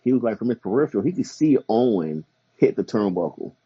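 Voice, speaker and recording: A man with a husky, low, dark-toned voice, talking bluntly in a casual podcast chat. His pitch swings widely as he gets animated. The audio is dull and lo-fi. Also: fast talker. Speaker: podcast co-host.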